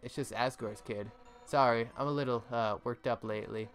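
A man's voice: medium pitch, steady tone, fairly quick, faint music behind, lightly acted. A man voicing a brash, tough-talking fish-monster woman police officer from a video game.

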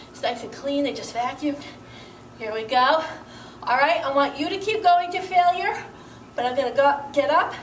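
Breathless, high-voiced woman fitness instructor. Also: roomy sound, distant mic, a little hiss or hum. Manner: upbeat, encouraging, counts reps while exercising. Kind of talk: workout instruction. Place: indoor room with carpeted floor.

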